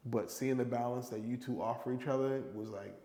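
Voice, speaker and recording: Slangy, animated man in echoey room. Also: mid-range voice, fairly quick. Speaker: host. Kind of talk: casual chat. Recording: echoey room with long reverb.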